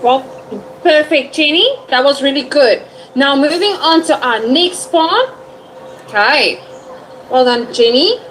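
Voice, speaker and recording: A woman with a high voice teaches English online, asking questions and praising her student. A faint noise sits under her speech. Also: animated, measured pace, long pauses, a bit bright, rough recording. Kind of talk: online tutoring session.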